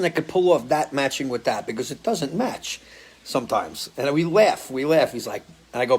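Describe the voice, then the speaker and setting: A man's voice: on the high side, sing-song, normal speed, darkish tone, slightly rough. A man hosting a live stream as a musician, chatting casually and answering viewer comments, loose and swearing freely. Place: home, living in Florida.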